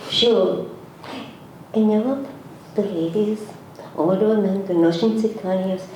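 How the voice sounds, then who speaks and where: A woman's voice: medium pitch, unhurried, a little mellow. A woman in her seventies from Hungary, giving an emotional religious lecture full of pleading repeated questions. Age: 70s. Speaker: religious teacher. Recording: echoey room with faint noise.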